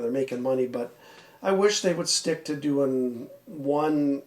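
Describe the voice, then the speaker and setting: A man hosting a comic book video, talking casually and rambling, a bit hoarse as he loses his voice. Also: mid-range voice, measured pace, a little mellow, roomy sound. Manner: rambling, chatty, laughs often. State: slightly hoarse, losing his voice. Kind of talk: casual chat.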